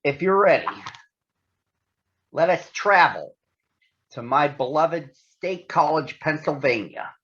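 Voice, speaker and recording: A man reading a children's storybook aloud in a gentle storytelling manner, on a dull lo-fi recording. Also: on the high side, expressive, slow pace, pauses often. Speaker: storybook reader. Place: outdoors on a hike.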